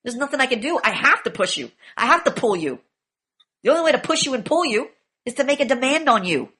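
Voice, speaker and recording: A woman's voice: high-pitched, sing-song, fast talker, pushed and bright, husky. A woman teaching a class, lecturing with emphatic, profane rhetorical questions. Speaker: class instructor.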